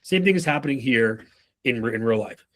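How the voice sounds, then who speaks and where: Casting: male sales coach in his thirties, mid-range pitch, loose and profane, slips into quick impressions. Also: animated, a bit bright. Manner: loose and profane, acts out customers and reps in quick bits. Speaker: sales trainer. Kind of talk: casual spoken sales training talk.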